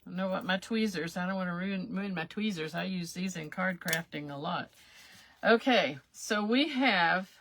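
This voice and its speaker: Working on crafts during a livestream, a woman talks at a moderate pace in a voice on the low side, chatting folksily and chuckling at herself. Background noise can be heard.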